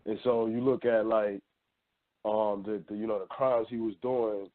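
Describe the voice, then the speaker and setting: A man co-hosting a talk radio show, speaking in a measured, reflective way. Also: on the low side, fairly even intonation. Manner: measured, reflective, many fillers. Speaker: radio co-host. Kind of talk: casual talk radio chat. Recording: tinny phone-line audio.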